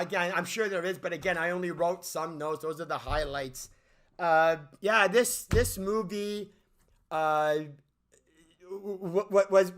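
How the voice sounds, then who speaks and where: A man's voice: fairly high pitch, a bit bright. A man giving an unscripted movie review rant, exasperated and profane, often stammering and restarting his sentences, with mocking sarcastic asides.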